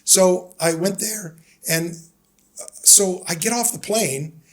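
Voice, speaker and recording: Casting: American man, fifties, slightly higher voice, animated storyteller for a casual podcast interview. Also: takes it slowly, crowd noise. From United States. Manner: animated storyteller who acts out the people he quotes. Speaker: podcast guest.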